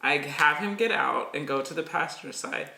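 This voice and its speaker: A middle-aged podcast co-host telling a story in casual chat, animated and breaking into nervous laughs. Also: medium pitch, normal speed, vocal fry. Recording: echoey room.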